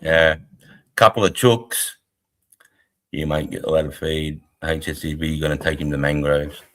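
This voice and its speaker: A middle-aged Australian army veteran co-hosting a casual live stream, blunt, rambling and heavily profane. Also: male voice, a bass voice, fairly even intonation, moderate pace, fairly bright tone. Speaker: livestream co-host, army veteran.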